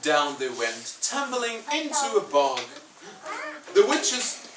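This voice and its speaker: A woman reads a rhyming storybook aloud at a slow, unhurried pace, her pitch rising and falling with lots of expression. She invites the children to join in, and she is heard from a distance in an echoey room with clear background noise. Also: very animated. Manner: playful, inviting listeners to join in. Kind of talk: reading a picture book aloud. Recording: echoey room, far from the mic, noisy.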